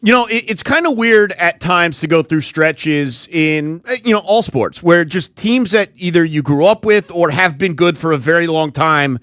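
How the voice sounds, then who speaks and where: A man co-hosting sports talk radio, with a slightly high voice and a thoughtful, measured delivery. He often doubles up words as he works through a point, close and dry on a studio mic. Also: expressive, a bit bright, dry recording. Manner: thoughtful, repeats words while thinking aloud.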